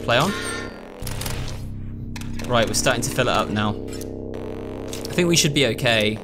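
A man's voice: mid-range voice, lively intonation, a little slow, music in the background. A British man giving casual let's-play commentary, chatting himself through each move. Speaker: gaming YouTuber.

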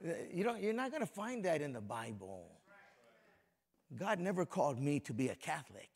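A middle-aged man preaching a lively, folksy sermon as a pastor, joking with the congregation and swinging between soft and loud. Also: a little high, moderate pace, slightly rough. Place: church sanctuary before a congregation.

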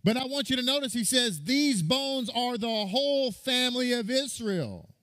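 A rabbi delivering a lively sermon to his congregation, his voice sitting a little high for a man. He keeps pressing the room with rhetorical questions, stopping to ask them to nod along. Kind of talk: sermon teaching.

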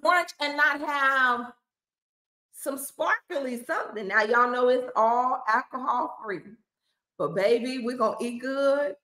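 A woman's voice: high-pitched, takes it slowly, bright, forceful tone. Chatty pastor woman, echoey. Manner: playful, chatty, talks straight to viewers. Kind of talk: hyped livestream announcement.

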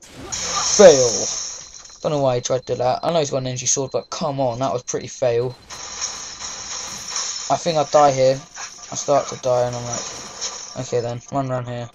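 A man's voice: medium pitch, fairly even intonation, brisk, pauses often, noisy background. A young man, chatting casually over gameplay, rambling with lots of fillers. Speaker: gaming commentator.

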